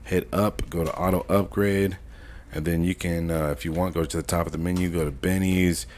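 Deep-voiced dude on a chill tutorial stream, slangy, thinking out loud. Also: male voice, fairly even intonation, brisk, a little hiss or hum. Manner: laid-back slangy talk, thinks aloud and corrects himself. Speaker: gaming streamer. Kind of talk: live modding tutorial, casual chat.

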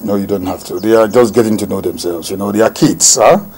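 A man playing a gentle, protective middle-aged father. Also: lively intonation, brisk, close to an everyday voice. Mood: coaxing. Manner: coaxing, low and soft.

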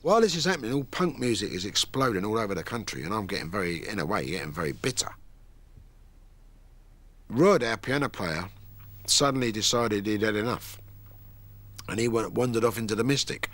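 A musician being interviewed, talking in a cheeky, blunt way and swearing freely. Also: male voice, fairly low pitch, lively intonation, fairly quick, pauses often, a bit bright. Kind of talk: reflective interview talk. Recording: music playing underneath.

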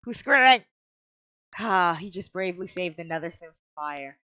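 A woman's voice: on the low side, fairly even intonation, normal speed, fairly bright tone, dry recording. A young woman giving casual commentary as she plays a life-simulation game, often exasperated and talking back to it. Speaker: gaming video creator.

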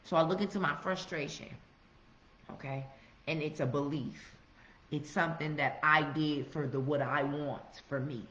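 A woman giving a casual, profane motivational monologue, preaching with loud emphatic outbursts. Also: low voice, steady tone, normal speed. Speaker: motivational vlogger. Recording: roomy, slightly muffled recording.

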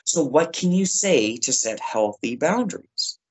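Lively man teaching kids. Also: a little high, measured pace, husky, poor audio. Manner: lively, conversational, acts out example phrases. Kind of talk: classroom lesson for kids.

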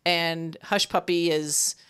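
Woman host, reflective, wondering aloud, lowish voice. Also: fairly even intonation, slow, fairly bright tone, clean tone. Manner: reflective, asks questions. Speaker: podcast host. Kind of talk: casual discussion.

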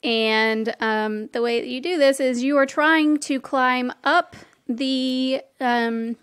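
A woman's voice: sits high, steady tone, slow, a bit bright, smooth, no echo, clean studio sound. A woman narrating as game master in a casual, giggly way, with many fillers.

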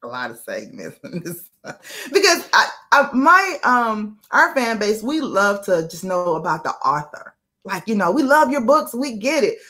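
A woman's voice: mid-range voice, sing-song, measured pace, pushed and bright. A woman from Atlanta with a Southern accent, hosting a casual interview, playful and laughing often. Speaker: host.

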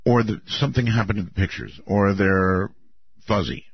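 Low, husky older radio host. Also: male voice. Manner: musing, drawn-out, lively pitch swings. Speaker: radio talk show host. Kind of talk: late-night call-in radio. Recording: muffled dry radio broadcast.

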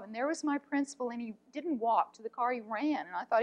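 A woman, an art teacher, telling a personal story in an earnest, heartfelt way, often speaking softly. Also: high-pitched, a little fast, few pauses, rough recording.

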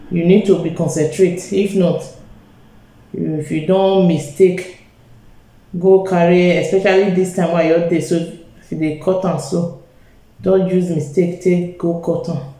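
A woman's voice: on the low side, steady tone, unhurried, pauses often, warm tone, reverberant, rough recording. A woman with a Nigerian accent gives a live makeup tutorial, talking straight to her viewers and mixing Pidgin into her English. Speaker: beauty vlogger.

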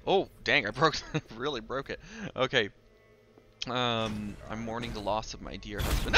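A man commentating on the game he is playing, excitable and jumpy, often crying out when startled. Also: fairly low pitch, unhurried, very noisy. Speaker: gaming video host. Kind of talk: let's play commentary.

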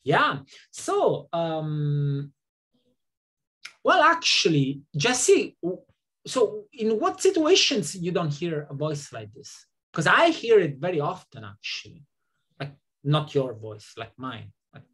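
A man's voice: fairly high pitch, very animated, takes it slowly, fairly bright tone. A man hosting a casual group discussion, hesitant, with many fillers and restarts, playful and laughing often. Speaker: seminar host.

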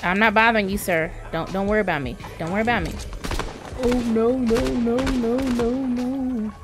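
A woman streaming a shooter game, reacting with loud cries to the Lord and rapid repeated words. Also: on the high side, over music. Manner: excitable, exclaims to the Lord and Jesus, repeats words fast. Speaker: gaming channel host. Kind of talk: live gameplay commentary.

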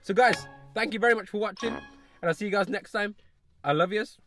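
A young man signs off his video with relaxed, joking chatter. He talks in a casual, easygoing way. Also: sits high, fairly quick, soft background music. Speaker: YouTuber.

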